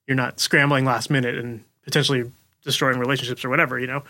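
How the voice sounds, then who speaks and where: Bright-voiced male podcast host. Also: medium pitch, level tone, quick pace. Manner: chatty, builds questions with "like" and "you know". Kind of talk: interview questions, casual.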